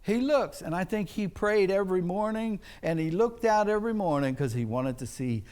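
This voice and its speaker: A man's voice: high-pitched, lively intonation, a little mellow, clean tone. A male pastor preaching a chapel sermon, telling the story dramatically and drawing it out. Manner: dramatic, drawn-out storytelling with acted-out voices.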